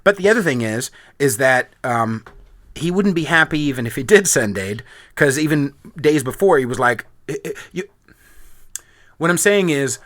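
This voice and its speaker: A man hosting a podcast in casual chat, animated and profane, laughing often. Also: mid-range voice, normal speed, no echo. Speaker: podcast host.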